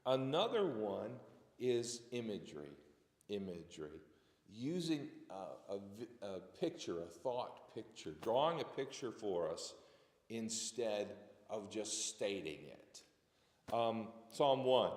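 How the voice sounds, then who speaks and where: A man's voice: fairly low pitch, lively intonation, takes it slowly, a little mellow. A man teaching a church Bible class in a conversational way, reading verses aloud with emphasis. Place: church auditorium. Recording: echoey church hall on a live stream.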